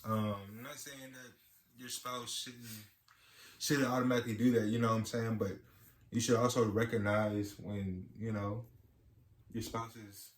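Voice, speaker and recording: A man's voice: medium pitch, flat delivery, normal speed. A young adult man co-hosting a casual chat about marriage, talking in a rambling way full of "you know"s. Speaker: podcast co-host. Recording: echoey room with faint ambience.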